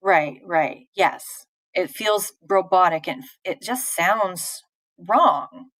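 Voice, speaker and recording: A woman's voice: lowish voice, lively intonation, slow pace, a bit bright, dry recording, poor audio. A woman teacher giving a live online poetry lesson, answering chat questions in a patient, informal way with fillers and restarts.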